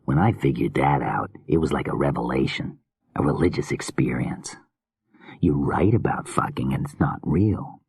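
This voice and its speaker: A man's voice: a bass voice, moderate pace, creaky, a little mellow, breathy edge, no room sound, heavily acted. A man voicing an unhinged, weary male killer filmmaker in a slurred whisper, as whispered role-play in an audiobook. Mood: fervent.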